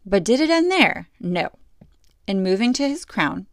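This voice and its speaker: A middle-aged woman telling a personal story in an earnest, reflective way, with many fillers and pauses. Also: medium pitch, very animated, creaky, no echo, clean studio sound. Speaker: podcast host.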